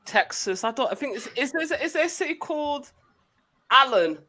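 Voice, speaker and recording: A man chatting casually in a group, halting now and then to search for words. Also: very high-pitched, expressive, sharp tone.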